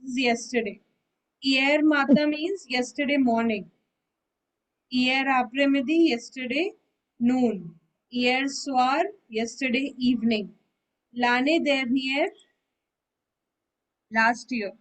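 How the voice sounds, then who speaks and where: Slow, high-voiced woman teaching French. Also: poor audio. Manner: patient, repeats and checks understanding. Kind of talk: online one-on-one language lesson.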